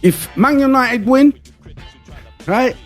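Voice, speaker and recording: A man's voice: very high voice, slow pace, faint music behind, voice pushed up, heavily acted. A man putting on a teasing takeaway owner. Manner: broken English, playful teasing. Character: jokey male takeaway shop owner, teasing.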